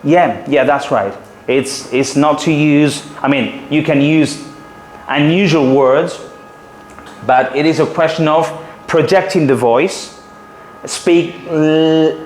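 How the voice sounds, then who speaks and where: A man's voice: fairly high pitch, slow. A man in his forties with a Spanish accent, a city guide trainer explaining his craft to a workshop in a confident way, with a few hesitant fillers. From Spain. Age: 40s. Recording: roomy hall with faint room noise.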